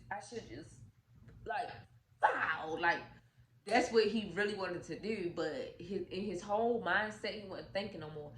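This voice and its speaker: A woman telling a movie's story in a casual, animated, profane way, acting out the characters' lines. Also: medium pitch. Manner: animated, profane, acts out quotes. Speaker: storytime vlogger. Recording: echoey room with faint noise.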